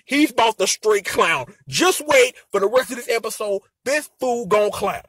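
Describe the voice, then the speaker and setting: A young man reviewing a show episode in an animated, slangy rant, acting out the characters as he goes. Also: very high-pitched, normal speed, slightly rough, no room sound. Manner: animated, slangy, acts out characters in quoted voices. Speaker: anime and tokusatsu episode reviewer.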